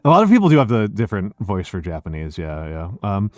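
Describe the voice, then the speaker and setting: A man's voice: lowish voice, wildly swooping pitch, quick pace, no room sound, soft background music. A male streamer hosting a casual chat, rambling with many fillers and restarts. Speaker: streamer and host.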